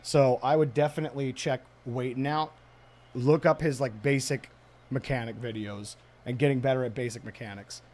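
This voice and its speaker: A man's voice: medium pitch, fairly even intonation, normal speed, a little mellow, a little hiss or hum. A man casting a live video game match, chatting and giving play-by-play. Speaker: esports caster. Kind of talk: live game commentary and chat.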